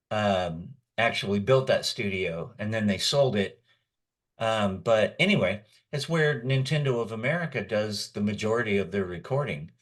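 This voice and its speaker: A man in his sixties with a fairly low, fairly bright voice appears as a guest voice actor. In a casual chat he tells long, rambling anecdotes, chuckling as he goes.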